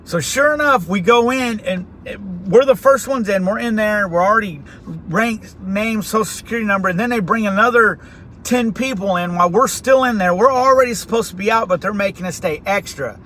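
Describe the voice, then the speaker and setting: Bright high-voiced man telling stories. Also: fairly quick, a little hiss or hum. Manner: animated, acts out quoted voices. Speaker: vlog host. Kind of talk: casual storytelling. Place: inside a car.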